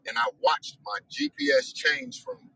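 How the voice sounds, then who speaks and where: A man's voice: very high voice, wildly swooping pitch, a little slow, creaky, pushed and bright, no echo, poor audio. A man hosting a weekly discussion, telling a story in a casual monologue with exasperated, profane and self-reflective talk.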